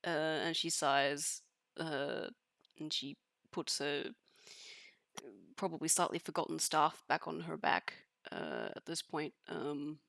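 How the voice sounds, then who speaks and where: A woman's voice: low-pitched, expressive, takes it slowly, vocal fry, fairly bright tone, dry recording. A woman playing a tabletop role-play game, narrating her character hesitantly with many restarts and giggles.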